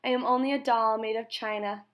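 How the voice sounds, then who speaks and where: A woman voicing a proud but weary china rabbit doll in a storybook read-aloud, speaking slowly and quietly. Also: fairly high pitch, steady tone, close to an everyday voice.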